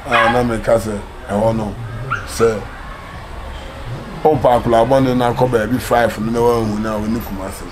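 A Ghanaian man talks through his story in an easygoing interview, circling back to the same phrases. His voice sits in a middle pitch. Loud noise runs behind the whole recording. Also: moderate pace, pauses often. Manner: relaxed storytelling with repeated phrases. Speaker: interview guest. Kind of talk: casual interview.

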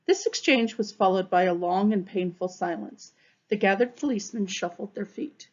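A woman, a third-grade teacher, reading a storybook aloud to her class in a measured way. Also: medium pitch, darkish tone. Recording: dull, muffled recording.

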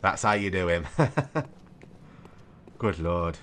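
Male let's-player, low voice, chatty, mild swearing, noisy recording. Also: lively intonation, extremely slow, a bit bright. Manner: chatty, talks to himself while playing, mild swearing. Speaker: let's play gamer. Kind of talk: live gameplay commentary.

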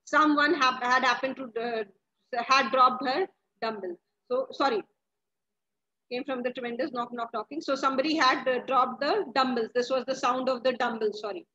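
A woman's voice: high-pitched, steady tone, moderate pace, sharp tone, dull audio. A woman, a teacher explaining a story to her class, asking questions and often restarting her sentences. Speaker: English teacher.

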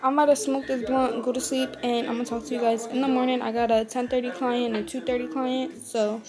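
A woman's voice: on the high side, flat delivery, fast talker, over music. A woman in her twenties vlogging in casual chat, slangy and swearing freely. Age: 20s.

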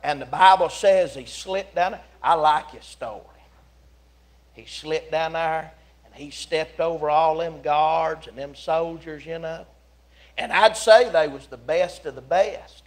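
A man preaching a sermon in a church, telling the story in a folksy, animated way with big swings from loud to hushed. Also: on the high side, a little slow. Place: church sanctuary.

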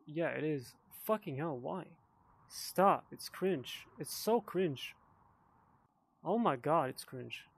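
A man's voice: on the high side, lively intonation, slow pace, creaky, breathy edge. A tipsy man giving casual commentary while playing a VR game, swearing a lot with frustrated outbursts and mumbled asides. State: tipsy from drinking. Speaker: VR gamer.

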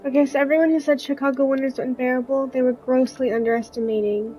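A woman's voice: high voice, steady tone, quick pace, dark tone, faint music behind, natural voice, poor audio. A woman reading as a shy earnest photographer. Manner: reading text messages aloud, earnest.

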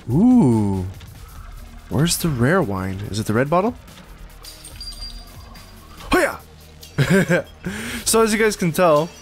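A man giving casual commentary on a game, excitable and jumpy, swearing and laughing when startled, recorded at home on a desktop mic. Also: medium pitch. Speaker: let's play gamer. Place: room at home.

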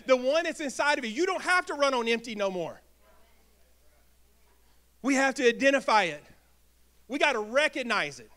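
A man preaching a sermon in a church, energetic, asking the congregation questions and acting out little quips. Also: very high voice, moderate pace, pauses often. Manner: energetic, asks the crowd questions and acts out quips. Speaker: pastor. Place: church sanctuary.

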